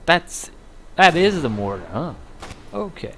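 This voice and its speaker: A man giving live gameplay commentary, muttering and cursing with sudden excited outbursts. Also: on the high side, slow pace, slight background noise. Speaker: gamer.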